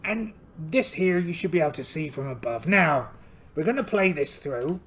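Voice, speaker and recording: A man of middle age runs a solo tabletop game in cheerful pirate-speak, slipping between as he goes. His voice sits a little high and swings widely in pitch. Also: animated, normal speed, a bit bright. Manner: playful pirate-speak, drifting between accents. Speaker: host and solo game player. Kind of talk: solo tabletop role-playing actual play.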